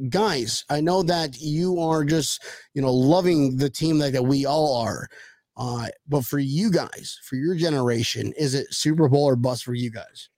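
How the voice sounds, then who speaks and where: A man hosting a podcast, talking in a loose, rambling, jokey way and swearing freely. His voice sits a little high for a man. The sound is dry and close. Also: darkish tone, no echo. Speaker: podcast host. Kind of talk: casual chat.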